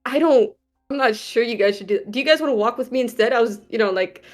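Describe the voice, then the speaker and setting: A woman's voice: on the high side, fast talker, soft background music. A woman playing in a tabletop game, talking playfully and hesitantly, often laughing. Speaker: player.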